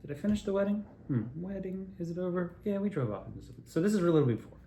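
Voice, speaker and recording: A man's voice: high voice, expressive, fast talker, warm tone, reverberant. A man telling loose, digressive personal stories, swearing and laughing at himself as he goes. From Altoona area, Pennsylvania. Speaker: storyteller. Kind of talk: rambling personal storytelling.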